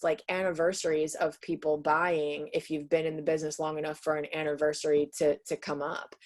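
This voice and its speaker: Woman trainer in her 30s, slightly low voice, chatty webinar delivery heard over a video call, lots of ums and likes. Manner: chatty, with many "um" and "like" fillers. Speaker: sales trainer presenting to real estate agents. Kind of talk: casual webinar presentation.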